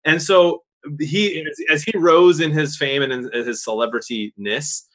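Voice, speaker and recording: Bright-voiced man telling an excited story. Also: on the high side, moderate pace. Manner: excited storytelling, laughs often. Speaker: podcast cohost. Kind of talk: casual chat.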